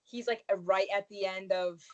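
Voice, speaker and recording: Woman co-host, animated and dramatic, slightly dull lo-fi mic. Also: mid-range voice, normal speed. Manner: animated, dramatic about fandom. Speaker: podcast co-host. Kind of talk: casual chat.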